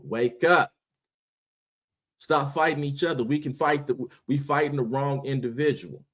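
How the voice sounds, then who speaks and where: Impassioned man preaching to his viewers. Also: on the high side. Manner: preachy, emphatic, slangy, rhetorical questions. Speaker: streamer, host. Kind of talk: impassioned monologue.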